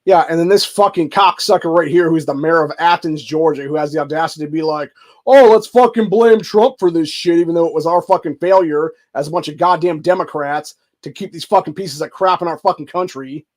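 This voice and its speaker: A man's voice: fairly high pitch, fairly even intonation, fast, few pauses. A man hosting a livestream, ranting angrily with constant cursing and saying "dude" a lot. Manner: angry, heavy cursing, says "dude" often. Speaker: show host. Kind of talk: profane livestream rant.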